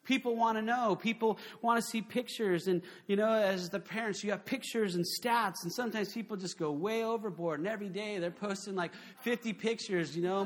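A man preaching a sermon in an animated, conversational way, full of rhetorical questions. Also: sits high, moderate pace. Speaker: pastor.

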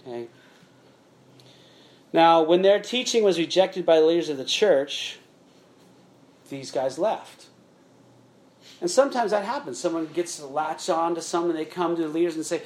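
A man's voice: fairly high pitch, normal speed, darkish tone. A middle-aged man preaching a sermon in a conversational way, often checking in with "okay?" and addressing listeners as "guys.". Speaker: pastor.

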